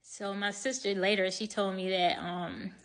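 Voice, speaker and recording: A young woman vlogger telling a story in a chatty, expressive way, speaking straight to her viewers. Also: medium pitch, normal speed. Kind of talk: casual storytime.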